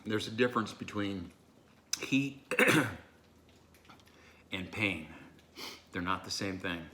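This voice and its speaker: Deep-voiced man straining through a burn. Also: expressive, sharp tone. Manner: breathy, gasping, pausing to recover. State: strained voice from hot sauce burn. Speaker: hot sauce reviewer. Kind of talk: casual vlog talk to camera.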